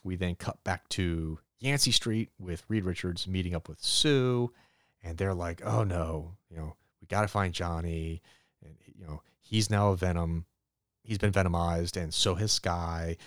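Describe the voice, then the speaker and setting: A man with a low, deep voice talks casually through a comic recap as a solo podcast host. He rambles a little and drops quick voiced lines for the characters. The sound is close and dry, with no room around it. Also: no echo.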